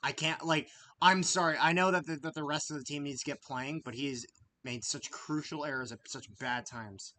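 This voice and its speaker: Excitable fan commentator, bright tense voice. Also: male voice, fairly high pitch, moderate pace, slight background noise. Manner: emotional, swings between grumbling and excited shouting; stammers and repeats words when frustrated. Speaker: fan streamer commentating a live game. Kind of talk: live fan play-by-play commentary.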